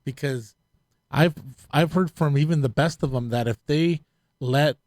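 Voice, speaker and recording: A man who hosts a talk show and works as a DJ, speaking casually in halting, rambling sentences with many restarts. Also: on the high side, darkish tone, no room sound. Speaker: host and DJ. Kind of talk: casual chat.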